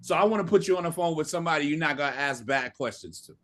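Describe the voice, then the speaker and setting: A middle-aged man coaching a group over a video call, his voice sitting a bit high for a man. He talks at a quick clip, emphatic and punchy, and he has them repeat his lines back to him. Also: a bit bright. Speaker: sales trainer. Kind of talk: motivational training talk.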